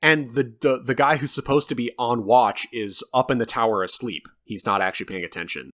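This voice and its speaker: A man co-hosting a podcast, chatting casually about a film in an animated, rambling way with some swearing. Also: mid-range voice, fairly quick. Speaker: podcast co-host. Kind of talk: casual film review chat.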